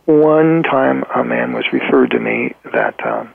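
Gravelly man on a tinny phone line. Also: medium pitch, wildly swooping pitch, dry recording. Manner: earnest, halting, frequent ums and restarts. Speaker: guest therapist. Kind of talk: podcast interview storytelling.

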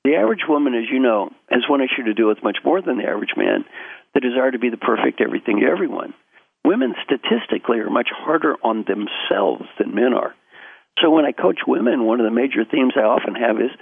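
Older male coach, lively storytelling, gravelly and dry, phone-line sound. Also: medium pitch, fast, dry recording. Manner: animated storyteller, acts out quotes. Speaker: guest, executive coach. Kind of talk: storytelling interview answers.

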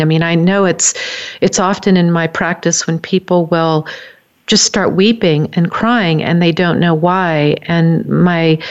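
A woman hosting an interview, speaking in a deliberate, encouraging way. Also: lowish voice. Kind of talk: conversational interview. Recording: dull lo-fi audio.

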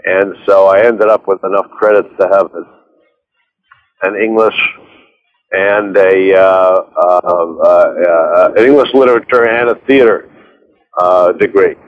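Low-voiced man telling stories animatedly. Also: measured pace, phone-quality sound. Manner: rambling, animated storyteller with many restarts and laughs. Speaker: author and director, interview guest. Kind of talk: casual interview chat.

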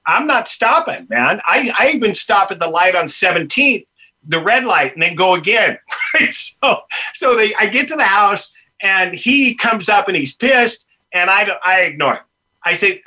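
Older man, high voice, very bright tone, animated storyteller, laughs a lot. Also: normal speed. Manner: animated, laughs often, acts out dialogue. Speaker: podcast guest, punk musician. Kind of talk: casual storytelling.

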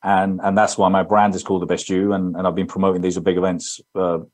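A man's voice: low-pitched, flat delivery, quick pace, darkish tone. Earnest man with an English accent. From England. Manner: earnest, rambling, restarts often. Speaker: guest entrepreneur. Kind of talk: interview answers.

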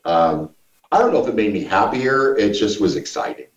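Blunt, swearing storyteller from Missouri, low voice, animated; distant, echoey, muffled recording. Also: male voice, moderate pace. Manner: blunt, profane anecdotes with lively shifts. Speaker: former gym owner and trainer, guest. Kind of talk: casual storytelling. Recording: roomy, distant, dull sound.

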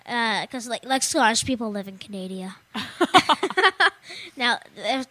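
A woman's voice: on the high side, sing-song, slow, sharp tone, slight background noise. A young woman co-hosting a casual tech show, rambling and joking and laughing often as she reads out gadget news. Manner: giggly, rambling, jokey, reads then riffs. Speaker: show co-host.

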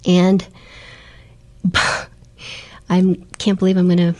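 A middle-aged woman tells her stories as an interview guest, earnest and animated. Her voice sits a little low. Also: slow. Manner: earnest and animated, laughs while telling stories. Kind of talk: storytelling interview chat.

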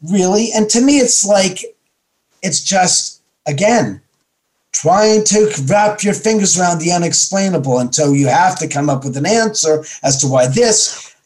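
A man's voice: high voice, animated, a little slow. A man from Los Angeles, a guest in an interview, telling rambling stories and quoting other people's lines back and forth. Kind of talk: casual interview storytelling.

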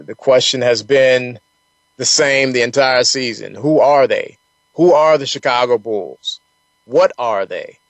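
A man's voice: mid-range voice, no echo. A man hosting a sports talk radio show, giving opinionated, conversational commentary with frequent fillers and restarts.

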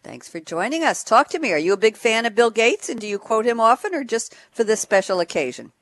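A woman's voice: fairly high pitch, big pitch swings, brisk, dry recording. A woman hosting a radio talk show, introducing panel guests with an enthusiastic, emphatic manner and frequent laughs.

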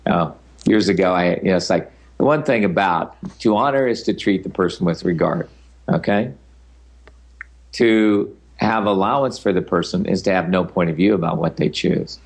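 A man's voice: sits low, moderate pace. An older man answering interview questions as a speaker and facilitator, talking in an easygoing, rambling way with the odd tease.

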